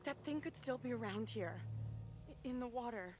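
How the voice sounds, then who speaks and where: Actress doing a jumpy young woman in a horror game, kinda high voice, nervous. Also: animated, moderate pace, background noise, natural voice. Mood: uneasy. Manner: anxious, wary.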